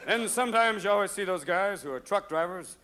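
A man doing a manic stand-up routine on a theater stage, switching voices rapidly. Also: high-pitched, animated. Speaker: stand-up comedian. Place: theater stage before a live audience. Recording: live concert recording with loud crowd laughter. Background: audience laughing.

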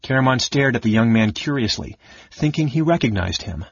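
A man narrating an audiobook in a steady, measured storytelling manner. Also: medium pitch, husky, dry recording, muffled recording. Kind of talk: audiobook reading.

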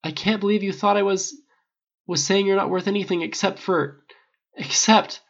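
A man voicing an earnest, polite, old-fashioned man who stammers when upset, with a gravelly voice on a dull recording. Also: medium pitch, expressive, slow, pitched above the performer's own voice. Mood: distressed.

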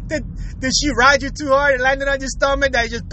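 Very high-voiced man ranting crudely. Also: level tone, fairly quick, sharp tone, a little hiss or hum, low-quality recording. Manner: crude, rambling, chuckling often; slangy street talk. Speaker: vlogger. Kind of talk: casual rant to viewers.

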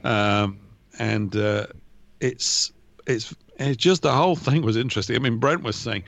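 A man talking as a regular guest on a radio show in a casual, fast, rambling way, calling in over a remote line. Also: medium pitch, vocal fry, highs cut off. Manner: fast, rambling, animated talker. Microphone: remote call line.

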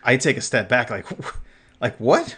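A man's voice: medium pitch, sing-song, moderate pace, a bit bright, husky. A man co-hosting a podcast, telling a story in casual chat, full of fillers, swearing and laughter, acting out what others said. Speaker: podcast co-host.

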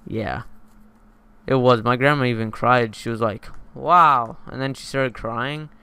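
A man's voice: medium pitch, steady tone, normal speed, fairly bright tone, clear, resonant tone. A teenage boy hosting a podcast, telling a long story in a casual, rambling way with lots of fillers and restarts. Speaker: podcast host.

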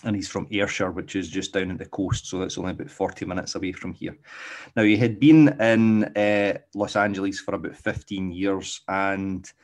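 A middle-aged Glaswegian man and dog trainer, talking in a casual, rambling monologue and often checking in with "okay?". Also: fairly low pitch. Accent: Glaswegian Scottish. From Scotland.

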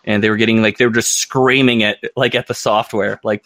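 A man's voice: on the low side, flat delivery, fairly bright tone, no room sound. An American man co-hosting a podcast in casual, rambling chat, often stopping to restart his sentences and joke. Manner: rambling, self-interrupting, quick to joke. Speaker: podcast co-host.

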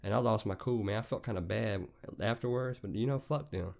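A man's voice: lowish voice, a little fast, vocal fry, darkish tone. A young man with a Southern US accent, hosting a podcast and telling profane, rambling stories in a casual rant. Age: young adult. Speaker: podcast host.

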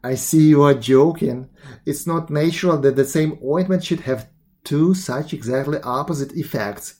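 A man's voice: on the high side, normal speed, mellow, natural voice. A man voicing a greedy beggar-to-be in a storybook, speaking in a raised, emphatic, pleading tone. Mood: insistent. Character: greedy, desperate man pleading, later remorseful.

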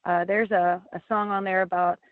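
Speaking in a lowish, level voice at a moderate pace, a woman who sings and writes her band's lyrics gives a casual interview full of fillers, blunt talk and free swearing. The sound is a dry, tinny phone-like line with no echo.

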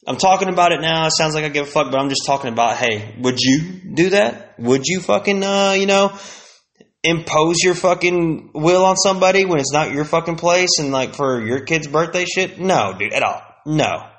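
A man's voice: a little high, normal speed, a bit bright. A man hosting a solo podcast, venting bluntly in a casual, profanity-heavy rant that circles back on itself. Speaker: podcast host.

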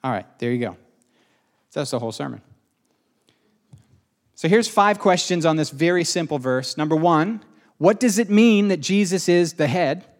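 Emphatic conversational male pastor preaching. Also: on the high side. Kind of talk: sermon.

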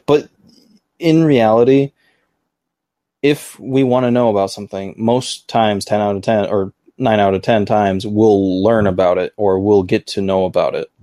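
A man with a lowish, mellow voice hosts a casual livestream podcast. He rambles easily and fills his talk with "um" and "like." The recording is close and dry. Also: steady tone, moderate pace, no echo. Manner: rambling, filler-heavy, easygoing. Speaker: podcast host.

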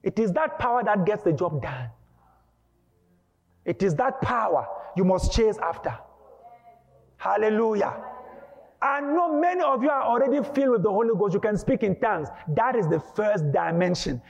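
A high-voiced male preacher gives a dramatic, emphatic sermon, often rising to a shout. The sound is dull and lo-fi. A long reverb trails off every word in the church hall. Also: expressive, normal speed, vocal fry.

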